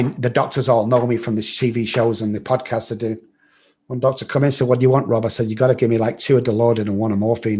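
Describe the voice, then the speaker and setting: A middle-aged English man with a husky, slightly breathy voice tells his story as a podcast guest. He talks bluntly, swears freely and acts out what other people said. His pitch sits in an ordinary male middle range. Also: a little mellow. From England. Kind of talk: storytelling in an interview.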